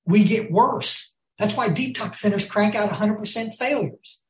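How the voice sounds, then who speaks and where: In a high voice at a moderate pace, a man tells folksy stories during a recovery talk, calling the group "y'all" and asking if they follow. The recording has a roomy echo.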